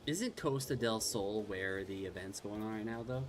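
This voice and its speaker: A man's voice: lowish voice, normal speed, a little hiss or hum. A man streaming a game, chatting casually and thinking aloud as he plays. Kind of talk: casual gameplay commentary.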